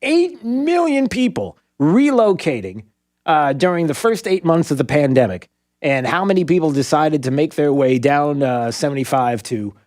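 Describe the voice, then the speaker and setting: A man's voice: on the high side, dry recording, studio quality. Rambling male talk radio host. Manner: rambling, many fillers and restarts. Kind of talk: casual talk radio monologue. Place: radio studio.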